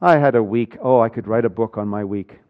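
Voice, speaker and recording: A man preaching a sermon, telling a personal story with animated swings between loud and hushed delivery. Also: on the low side, a little fast, narrow, tinny audio. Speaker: pastor.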